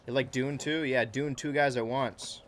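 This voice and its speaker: A man's voice: mid-range voice, fairly even intonation, normal speed, heavy background noise. A man playing a video game and talking over it with rambling, sarcastic jokes and asides. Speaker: gaming channel host. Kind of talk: let's play commentary.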